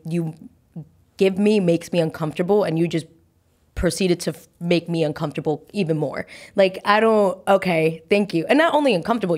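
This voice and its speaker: A young woman hosting a podcast, telling a personal story in a chatty, animated way with lots of fillers and restarts. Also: lowish voice. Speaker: podcast host. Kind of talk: casual storytelling.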